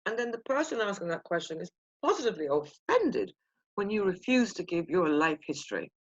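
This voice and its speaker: A woman's voice: medium pitch, sing-song, brisk. A woman speaking emphatically and with indignation. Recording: dull lo-fi recording.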